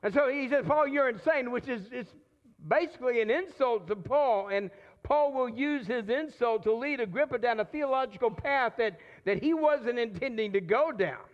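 Man, high voice, sermon, conversational preaching, repeats words, dull lo-fi sound. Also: expressive, normal speed. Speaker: pastor.

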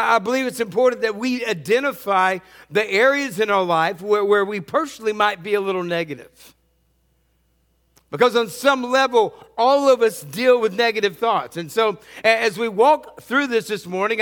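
Earnest middle-aged pastor in a reverberant hall. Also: male voice, high-pitched, fairly bright tone. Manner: repeats words often, earnest. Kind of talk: sermon.

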